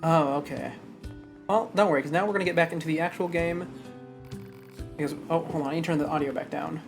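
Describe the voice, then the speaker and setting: A male streamer who chats eagerly and sometimes trips over his words. His voice sits a little high, with faint game music underneath. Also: quick pace, creaky. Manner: animated and chatty, stumbles over words. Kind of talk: live stream chat and story reading.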